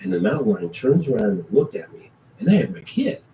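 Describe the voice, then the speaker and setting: Animated man telling a story in a roomy space. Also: mid-range voice, brisk. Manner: animated storyteller, acts out his own past thoughts. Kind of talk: casual storytelling chat. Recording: roomy, distant mic with faint ambient noise.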